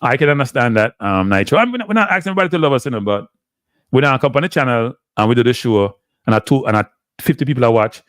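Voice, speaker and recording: A man's voice: medium pitch, expressive, fast talker, a bit bright, no echo. A man with a Jamaican accent hosting a live stream, talking casually to his chat in a rambling, exasperated way and slipping into patois. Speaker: live show host.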